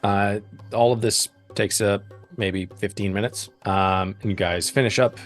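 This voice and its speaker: A man's voice: fairly low pitch, fairly even intonation, a little slow, faint music behind. A man narrating a tabletop role-playing game as game master, describing scenes with frequent ums and uhs.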